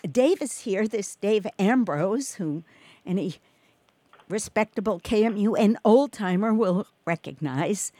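A woman's voice: mid-range voice, lively intonation, unhurried, warm tone, no echo. A woman hosting a community radio show, chatting casually with a guest, laughing often and using many fillers. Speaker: radio host.

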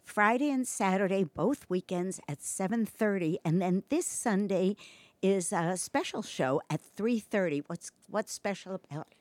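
A woman's voice: mid-range voice, lively intonation, measured pace, darkish tone, no echo. Chatty woman radio host, dry sound. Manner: conversational, asks follow-up questions. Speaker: radio arts show host. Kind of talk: casual radio interview.

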